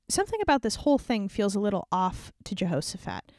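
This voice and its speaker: A woman's voice: a little high, lively intonation, fast talker, clean tone. A woman casually retelling an old scripture story in a slangy, irreverent way, peppered with "like". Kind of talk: casual comedic Bible retelling.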